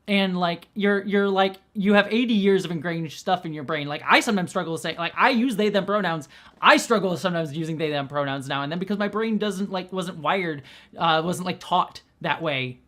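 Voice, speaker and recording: A woman's voice: on the low side, fairly quick, fairly bright tone. A young adult woman host talking casually, rambling with many restarts and fillers. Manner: rambling, heavy use of "like", frequent restarts. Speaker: host and director. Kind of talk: casual commentary.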